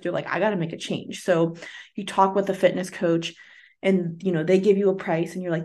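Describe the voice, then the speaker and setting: A woman's voice: fairly low pitch, fairly even intonation, a little fast, darkish tone. Chatty encouraging woman podcast host. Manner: chatty, earnest, filler-heavy with frequent "like"; encouraging, with light laughs. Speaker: podcast host and health coach. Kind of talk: casual solo podcast talk.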